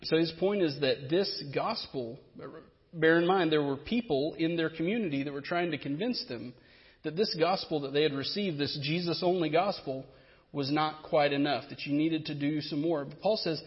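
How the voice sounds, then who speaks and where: A man preaching a sermon as a pastor, explaining scripture earnestly with frequent fillers and restarts. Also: a little high. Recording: reverberant hall, slightly dull sound.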